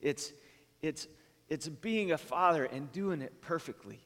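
A man's voice: on the high side, animated, unhurried, a bit bright. Man preaching in a reverberant hall. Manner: conversational storytelling with many restarts and fillers. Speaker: pastor. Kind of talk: sermon.

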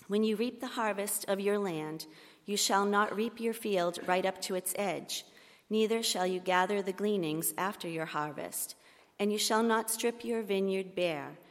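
A woman reading scripture aloud in a church service, measured and solemn. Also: mid-range voice. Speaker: lector. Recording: long reverb of a church hall.

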